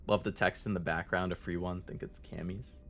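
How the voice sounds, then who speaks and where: A man's voice: low-pitched, steady tone, a little fast, a bit bright, soft background music. A man streaming as a VTuber, chatting casually and rambling as he answers his chat, with many fillers.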